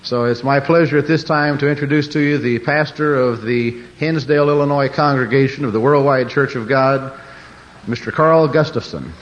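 A man introducing a guest speaker at a conference, halting and restarting as he speaks. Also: mid-range voice. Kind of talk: formal introduction. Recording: dull lo-fi old recording.

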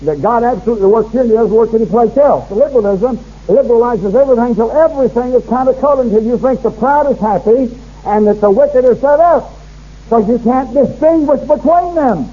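A fervent male preacher delivers a sermon, his voice sitting high and a little husky. He swells with force when reading scripture. It comes through muffled, like an old radio broadcast. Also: a little fast.

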